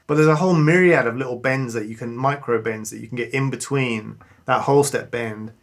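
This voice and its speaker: A man at medium pitch gives a laid-back, enthusiastic guitar lesson, stopping between phrases to play. Clean guitar rings loudly behind his voice throughout.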